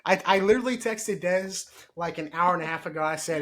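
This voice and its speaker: A man's voice: a little high, quick pace, hardly any pauses, a bit bright. A man hosting a casual gardening podcast, joking and mock-formal. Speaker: podcast host.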